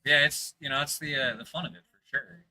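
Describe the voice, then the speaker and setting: Bright, easygoing male co-commentator. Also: fairly high pitch, fast, rough recording. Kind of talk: live stream commentary. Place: sports bar.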